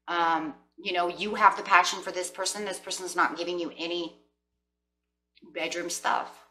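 A woman's voice: lowish voice, fairly even intonation, normal speed, bright, forceful tone, recorded from a distance. Chatty woman reading tarot in an echoey room. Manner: chatty, rambling, addresses viewers as guys. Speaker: tarot reader.

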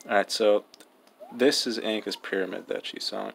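A young man talks his way through a video game, mumbling jokes and swearing as he goes. His voice sits low and gravelly, with plenty of vocal fry. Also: fairly even intonation, moderate pace, fairly bright tone, soft background music. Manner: mumbled, joking, profane. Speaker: gaming vlogger. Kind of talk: casual gameplay commentary.

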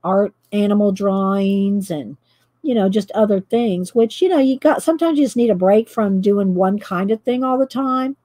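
A woman's voice: medium pitch, normal speed, warm tone. A middle-aged woman from Texas with a light Texan accent, chatting casually and rambling while she colors on a live stream. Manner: chatty, rambling, laughs often. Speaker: artist vlogger.

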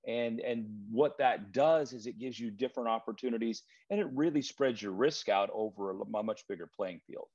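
A man speaking as a guest property trainer in a relaxed interview, telling stories with frequent restarts. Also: medium pitch, normal speed, few pauses. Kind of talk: casual interview chat. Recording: dull lo-fi remote recording.

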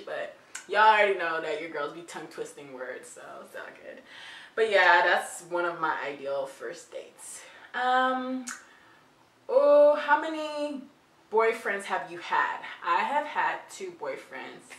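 A woman's voice: fairly low pitch, a bit bright. A young woman vlogger chatting playfully through tag questions, with giggly asides. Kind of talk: casual chat answering tag questions. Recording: roomy, distant from the mic.

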